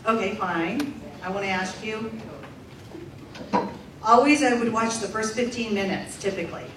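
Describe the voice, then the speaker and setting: A woman's voice: medium pitch, moderate pace, fairly bright tone, a little hiss or hum. Woman interpreter voicing a comedian, echoey room. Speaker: sign language interpreter voicing a deaf comedian. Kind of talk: live voice interpretation of stand-up comedy. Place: large room with a live audience. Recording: echoey distant room recording.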